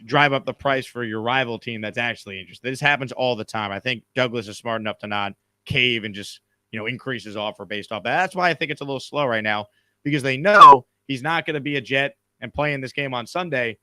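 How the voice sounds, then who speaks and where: A man's voice: mid-range voice, a little fast, bright, forceful tone, no room sound. A man hosting a live sports talk stream, joking and rambling, often restarting his words. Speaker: host.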